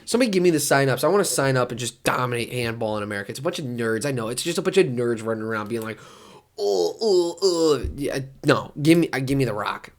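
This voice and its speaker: A man vlogging about sports in a casual, rambling way, his voice jumping high when he gets worked up. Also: fast, few pauses. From Detroit area.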